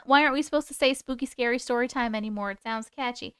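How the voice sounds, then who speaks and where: A woman's voice: a little high, quick pace, fairly bright tone, clear, resonant tone, no room sound, clean studio sound. A woman hosting a live stream, chatting casually and reading viewer comments aloud in a rambling, giggly way. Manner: chatty, rambling, giggly, jumps between topics. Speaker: livestream host.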